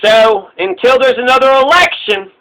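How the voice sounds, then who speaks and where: High bright-voiced man in a profane political rant. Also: lively intonation, moderate pace, poor audio. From United States. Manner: profane, repetitive and heated; rhetorical questions.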